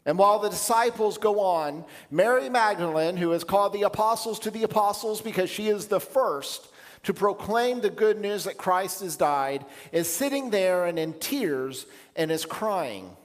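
A man's voice: high-pitched, animated. Reflective male pastor in echoing hall. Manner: measured, reflective preaching with pauses. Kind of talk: sermon.

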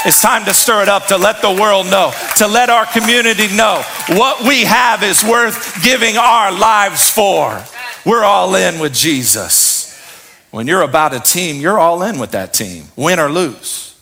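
A man preaching a sermon as pastor, fiery and building to shouted peaks, calling on the congregation to answer him. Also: fairly high pitch, expressive, unhurried, some chatter behind, a little hiss or hum.

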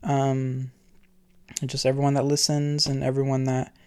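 Man, podcast host, earnest and rambling, flat even delivery, dry close sound. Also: mid-range voice, moderate pace, clean tone, dry recording. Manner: earnest, rambling, lots of fillers. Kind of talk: casual solo podcast talk.

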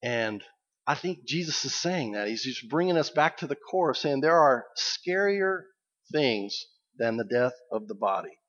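A man's voice: mid-range voice, animated, measured pace, fairly bright tone. A man preaching a sermon as pastor, reflective and conversational. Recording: dull lo-fi recording.

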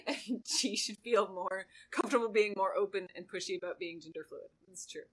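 A woman co-hosting a podcast, chatting casually and telling a story in an animated way, acting out quotes. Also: medium pitch, measured pace, breathy edge, poor audio. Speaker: podcast co-host.

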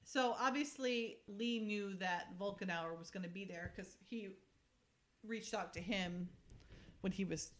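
A woman co-hosting a relaxed recap podcast, laughing easily as she talks. She often slips into reading quoted lines and script passages aloud in a light, casual voice. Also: medium pitch, measured pace. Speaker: podcast co-host recapping a TV episode.

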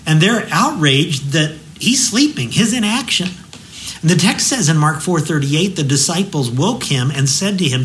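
Man, pastor, devotional sermon, vivid storytelling, hushed prayer, slightly high pitch. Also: lively intonation, normal speed, slight background noise, low-quality recording.

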